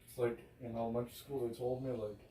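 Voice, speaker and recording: A man's voice: mid-range voice, level tone, quick pace, warm tone. A young man co-hosting a podcast, telling laid-back, slangy stories among friends. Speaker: podcast co-host. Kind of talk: casual chat among friends. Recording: roomy, distant mic with faint hiss.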